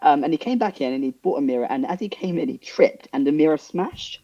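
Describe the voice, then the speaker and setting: Animated young man telling a story. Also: fairly quick, no echo, muffled recording. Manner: animated, acts out dialogue with big pitch jumps and laughter. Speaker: podcast co-host. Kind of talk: casual storytelling.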